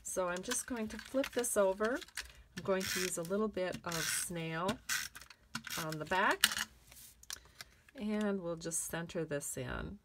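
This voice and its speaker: A woman's voice: lowish voice, slow pace, long pauses, heavy background noise. A woman demonstrating a card-making technique in a tutorial, chatty and encouraging as she works through each step. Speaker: craft demonstrator.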